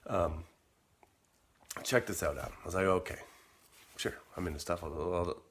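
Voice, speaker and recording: Middle-aged male vlogger, deep low voice, loose rambling storyteller who repeats himself. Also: moderate pace, fairly bright tone, slight background noise. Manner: rambling, repeats words, quotes his own messages. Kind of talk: casual storytelling monologue.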